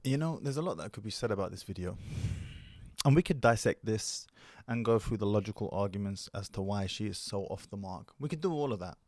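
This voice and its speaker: A man hosting a commentary channel who lectures his audience at a measured pace. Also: fairly low pitch, lively intonation, darkish tone, no echo. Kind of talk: commentary video monologue.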